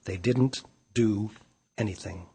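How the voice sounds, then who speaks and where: A man reading a children's picture book aloud in a playful, animated way. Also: lowish voice, takes it slowly, husky. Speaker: storyteller.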